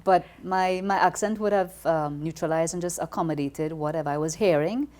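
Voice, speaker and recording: A woman with a Trinidadian accent, talking as an interview guest in an expressive, conversational way, often repeating words as she starts a thought. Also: lowish voice, fairly quick. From Trinidad and Tobago.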